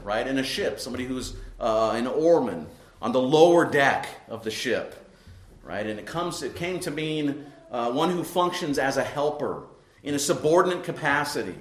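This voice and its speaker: A man preaching an expository sermon as pastor. He talks emphatically, repeats key words and keeps asking "right?" as he explains a passage. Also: medium pitch. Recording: echoey room.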